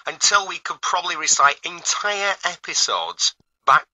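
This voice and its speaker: Radio dj guy in his 30s, manchester way, husky voice, high and bouncy, teasing quick banter. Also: sing-song, pushed and bright, no room sound, low-quality recording. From Greater Manchester. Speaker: radio DJ host. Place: radio studio.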